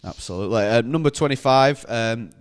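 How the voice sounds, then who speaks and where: Man, smooth clear voice, casual podcast co-host, lots of ums. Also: mid-range voice, fairly quick. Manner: runs through a list with many ums and uhs. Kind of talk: casual sports podcast chat.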